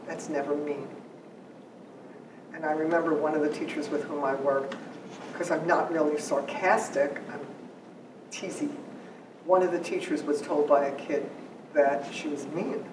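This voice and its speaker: An animated, teasing presenter giving an informal workshop talk to parents, telling stories as they go. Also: mid-range voice, normal speed. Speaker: workshop presenter on working memory. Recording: echoey room, far mic, background noise.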